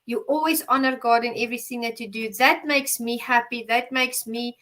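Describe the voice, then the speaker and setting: A woman hosts an interview and answers her guest with affirming remarks and frequent exclamations. Her voice sits a little higher than usual for a woman. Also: fairly even intonation, normal speed. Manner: warm, affirming responses, often exclaiming wow and yeah. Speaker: host.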